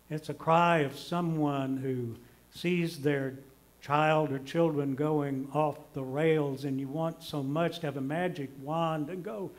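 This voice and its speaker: An older pastor with a high voice delivers a conversational sermon, homey and self-deprecating. He swings between emphatic lines and hushed ones.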